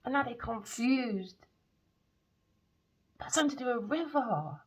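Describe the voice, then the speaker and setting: A woman's voice: on the high side, expressive, measured pace, husky. A woman giving a rambling, emphatic, slangy tarot reading in casual monologue. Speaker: tarot reader. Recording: dull lo-fi recording.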